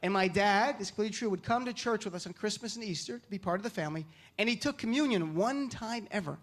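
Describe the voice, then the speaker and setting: A man from New Jersey doing stand-up comedy, with an animated, punchy delivery. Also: sits high, fast talker. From Lodi, New Jersey. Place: comedy stage. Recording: live venue with audience noise.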